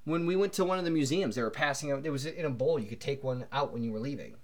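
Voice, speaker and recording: A man co-hosting a podcast, telling a long anecdote in an animated, rambling way full of fillers. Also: mid-range voice, fast talker. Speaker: podcast co-host. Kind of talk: casual storytelling chat.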